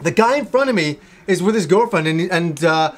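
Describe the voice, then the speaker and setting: A man in his thirties, co-hosting a casual chat, telling a story with animated, profane energy and frequent laughter. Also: high-pitched, fairly quick. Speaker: co-host.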